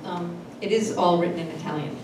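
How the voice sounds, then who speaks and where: Halting woman translator in echoey hall. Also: on the low side, steady tone. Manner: halting, many restarts and fillers. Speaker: literary translator. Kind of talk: panel discussion answers. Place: literary event hall. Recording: echoey room, distant mic, noisy.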